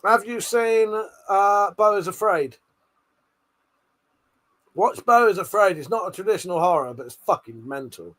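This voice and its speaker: A man's voice: sits high, a little slow, pauses often, fairly bright tone. A man on a live stream, reading chat comments aloud in a brash, sweary, jokey way with frequent laughter.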